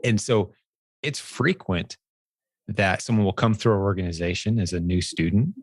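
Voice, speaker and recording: A man's voice: low voice, moderate pace, dry recording, clean studio sound. A man hosting an interview, upbeat and affirming as he asks about stories from the business he founded. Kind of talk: conversational interview.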